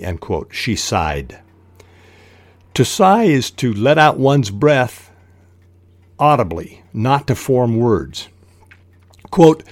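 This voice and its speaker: A man hosting a writing podcast, explaining technique in a measured way and reading quoted passages aloud. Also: medium pitch, sing-song, no room sound. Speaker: podcast host teaching fiction writing. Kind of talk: instructional podcast talk.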